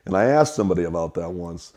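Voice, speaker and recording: A man's voice: sits low, fast. A middle-aged man from Wisconsin, telling rambling stories about his childhood at the family restaurant. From Wisconsin, USA. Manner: relaxed, rambling anecdotes. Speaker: restaurant kitchen worker. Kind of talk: storytelling interview.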